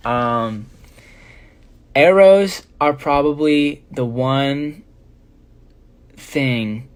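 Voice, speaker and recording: A young man chatting casually on a live stream, rambling with many fillers as he shows his jewelry. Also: mid-range voice. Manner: rambling, filler-heavy, relaxed.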